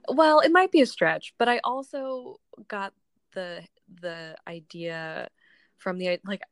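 A young woman co-hosts a casual book chat podcast, rambling and laughing often while her voice recovers from illness. Her mid-range voice is slow, clear and resonant, with no echo.

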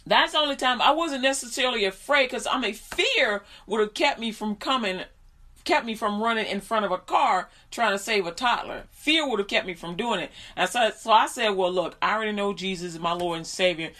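A woman telling a story in a casual, conversational way, with fillers and restarts, who becomes animated as she retells it. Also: medium pitch, brisk. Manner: animated, laughs and shouts while retelling. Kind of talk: casual storytelling with faith talk.

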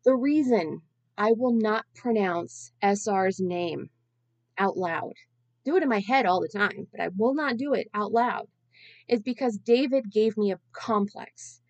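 Chatty woman in her 30s rambling thru a podcast story, pokes fun at herself, mid-pitched voice, dry close mic. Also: a little slow, darkish tone, dry recording, lo-fi sound. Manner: chatty, long-winded, self-deprecating. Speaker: podcast host. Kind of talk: casual solo podcast storytelling.

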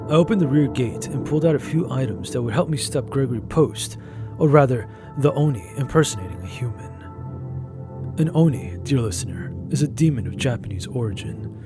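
A man narrating a first-person story in an even, measured way. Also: mid-range voice.

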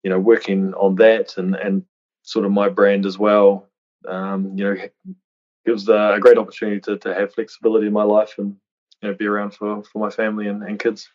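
A man in his thirties talks earnestly as a podcast guest, often restarting phrases. His voice sits low and stays level. The recording sounds dull and lo-fi. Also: monotone, fairly quick, a little mellow. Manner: earnest, many restarts and "you know" fillers. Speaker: podcast guest, retired rugby player. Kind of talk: reflective interview talk. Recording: dull lo-fi audio.

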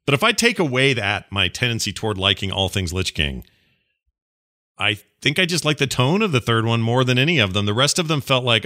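A man co-hosting a casual gaming podcast, animated and joking, often slipping into quoted voices. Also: mid-range voice, fast, no echo, studio quality. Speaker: podcast co-host. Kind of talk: casual chat.

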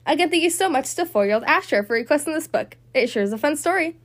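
A woman's voice: sits high, expressive, fast talker. A woman hosting a children's story podcast, reading a picture book aloud in a sing-song storytelling manner.

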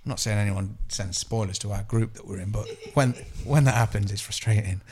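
Jokey, animated man co-hosting a podcast. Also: lowish voice, brisk, slight background noise. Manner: jokey, animated storyteller who swears and mimics others. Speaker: podcast co-host. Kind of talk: casual podcast chat.

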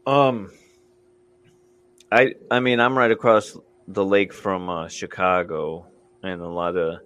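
A man's voice: deep voice, steady tone, takes it slowly, fairly bright tone. A man from Indiana and Michigan hosting a casual podcast chat, easygoing and hesitant, with many ums. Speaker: podcast host.

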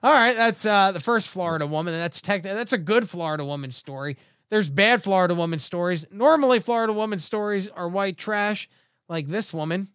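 A man's voice: high voice, fairly quick, a bit bright, clean tone, no room sound, clean studio sound. A man hosting a casual comedy podcast, reading out odd news stories with wry jokes. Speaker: podcast host.

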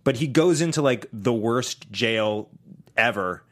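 A man's voice: mid-range voice, expressive, a little slow, a bit bright. A man co-hosting a podcast, joking playfully and laughing easily while chatting about a movie. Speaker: podcast co-host. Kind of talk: casual movie-review chat.

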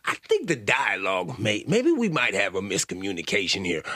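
A man's voice: on the low side, wildly swooping pitch, brisk, bright, forceful tone, no room sound, studio quality. A man hosting a podcast, riffing in crude, rambling comedic commentary with a sing-song delivery. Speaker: podcast host.

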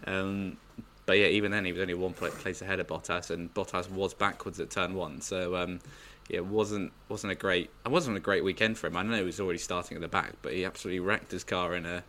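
A man with a very deep voice and a sharp, bright edge chats on a sports podcast. He hesitates and restarts often, slipping in small laughs. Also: steady tone, quick pace, hardly any pauses, a little hiss or hum. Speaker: podcast co-host. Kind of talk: casual sports podcast chat.

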